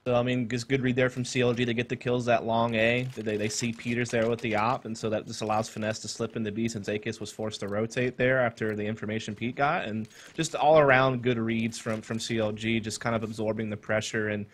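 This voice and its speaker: A man casting a competitive shooter match, calmly breaking down team tactics and holding back his excitement. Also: medium pitch. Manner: fast, analytical, holds back his excitement. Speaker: esports caster. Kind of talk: play-by-play game commentary.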